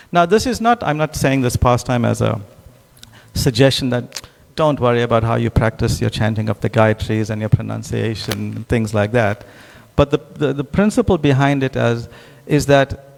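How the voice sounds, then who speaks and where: A man's voice: medium pitch, gravelly, darkish tone. A man giving a devotional scripture class, telling stories with many restarts and asides, recorded with a long hall reverb. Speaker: class speaker.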